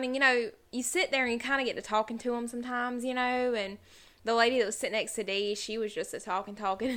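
A woman's voice: fairly high pitch, pushed and bright. A young woman, co-hosting a casual podcast and telling rambling stories full of "like". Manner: rambling storyteller, heavy use of "like". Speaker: podcast co-host.

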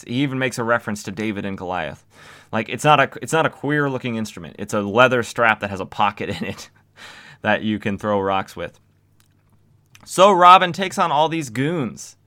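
A man's voice: on the low side, expressive, normal speed, bright, forceful tone. A young man casually recapping old comics as a podcast host, with wry, sarcastic asides.

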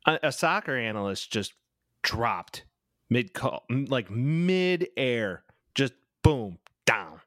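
A man co-hosting a casual sports podcast, talking in a crude, rambling way full of jokes. His voice sits at a middle pitch. The recording is close and dry. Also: sing-song, slow pace, a bit bright, no echo. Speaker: podcast co-host.

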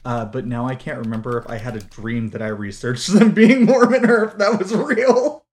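A woman's voice: very deep voice, animated, moderate pace, a little mellow. A woman co-hosting a podcast, casually picking apart a book with sarcastic, profane disbelief. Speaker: podcast co-host. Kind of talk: casual book-critique chat.

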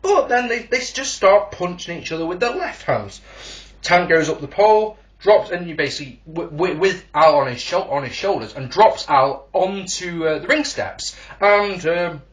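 A man's voice: high voice, expressive, moderate pace. Sarcastic man ranting. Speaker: wrestling reviewer. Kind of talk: sarcastic recorded show review.

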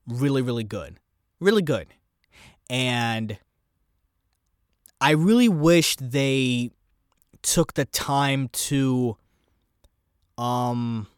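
A man talks through his thoughts on his own podcast, rambling and animated, circling back and restarting as ideas come. His voice sits at an ordinary middle pitch. The sound is dry and close, with no room around it. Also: no room sound. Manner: rambling, animated, thinking aloud. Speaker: podcast host. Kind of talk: casual solo podcast commentary.

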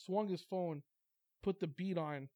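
A man's voice: sits high, a little slow, mellow, no echo, studio quality. A young man co-hosting a podcast, rambling in casual slang-heavy chat. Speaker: podcast co-host.

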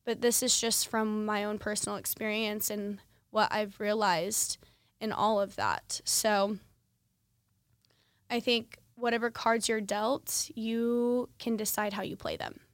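A woman's voice: mid-range voice, steady tone, measured pace, dry recording. Young woman podcasting about her own life, super candid and chatty, lots of likes and ums, dry mic with no room sound. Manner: candid, conversational, many fillers like "like" and "um". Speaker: podcast host. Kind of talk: personal storytelling monologue.

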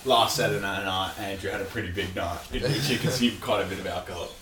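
A man co-hosting a podcast in casual chat, teasing and quick to laugh. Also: low-pitched, fairly bright tone, reverberant. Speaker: podcast co-host.

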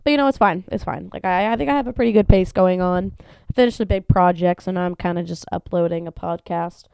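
Sneezy from allergies, a young adult woman hosts a solo podcast at home in a lowish voice that is brisk, creaky, clear and resonant, with no echo. She tells her story animatedly, swearing some and acting out the people she quotes.

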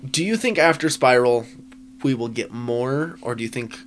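A man's voice: mid-range voice, lively intonation, moderate pace, slight background noise. A man co-hosting a casual movie review podcast, swearing freely, laughing often and restarting his sentences. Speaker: podcast co-host.

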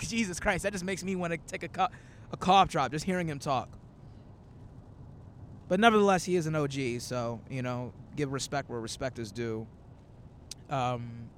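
Riding in a moving car, a twenty-something comedian leads a laid-back road-trip conversation full of meandering stories and quoted asides. His voice is medium-pitched and a bit bright, and there's a little hiss or hum.

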